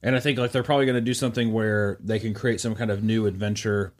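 A man's voice: fairly low pitch, steady tone, quick pace. A man co-hosting a podcast in casual chat, rambling with many restarts. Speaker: podcast co-host.

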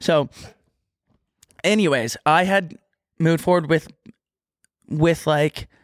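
A man's voice: fairly high pitch, slow, no room sound, clean studio sound. Rambling young man telling stories. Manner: rambling storyteller, heavy use of "like". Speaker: podcast co-host. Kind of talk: casual chat.

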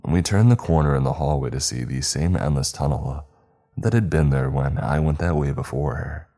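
A man reading a horror story aloud in a measured, steady narration. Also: rumbling low.

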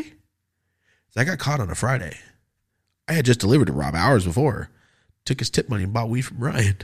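A man hosting a podcast, telling a story in a casual, profane, animated way and acting out other people's lines. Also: mid-range voice, normal speed, long pauses, breathy edge. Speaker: podcast host.

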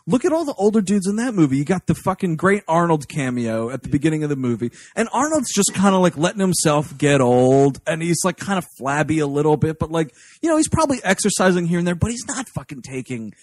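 Man chatting about movies, animated pitch, cursing freely, dry close sound. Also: quick pace, few pauses, no echo. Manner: profane, rambling, animated. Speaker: podcast co-host. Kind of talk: casual film review chat.

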